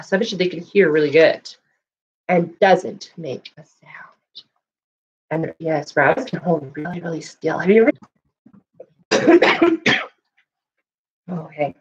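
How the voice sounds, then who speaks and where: This is a woman reading picture books to young kids at a library, her voice lowish and the audio muffled. Full of energy, she poses questions to her little listeners, though a cough slips out from time to time.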